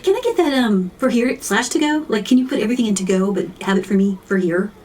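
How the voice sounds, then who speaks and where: A woman's voice: medium pitch, expressive, quick pace, darkish tone, distant mic, slight background noise, natural voice. A woman acting out indecisive coffee-shop customers and a barista in a comedy sketch, ordering with lots of hesitant fillers. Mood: fussy.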